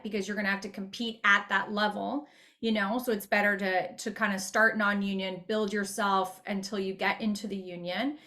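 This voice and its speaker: A woman voice actor talking casually as an interview guest, chatty with frequent laughs and quick asides. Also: medium pitch, bright, forceful tone.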